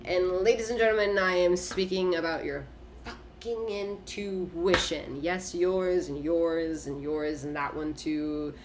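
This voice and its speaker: A woman's voice: lowish voice, measured pace, background noise. Emphatic, profane woman tarot reader. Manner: emphatic, repetitive, profane, punctuated by laughter. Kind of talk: casual spoken tarot reading.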